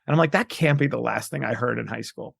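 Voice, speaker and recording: Gravelly-voiced storytelling man. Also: medium pitch, fast, no room sound, clean studio sound. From New York, USA. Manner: animated, acts out quoted voices. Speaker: guest. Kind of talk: storytelling interview.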